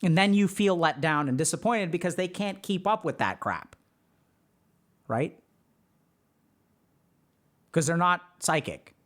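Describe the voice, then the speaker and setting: Man, slightly higher voice, casual stream advice, emphatic, lots of "like" fillers. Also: lively intonation, a little slow, long pauses, a bit bright. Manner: emphatic, many "like" fillers, acts out quoted people. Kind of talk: casual advice talk to a live chat.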